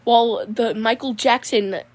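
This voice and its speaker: A woman's voice: a little high, steady tone, measured pace. A woman telling a rambling comic dream story, peppering it with 'Mon'. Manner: rambling, says 'Mon' constantly. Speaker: comedy character storyteller.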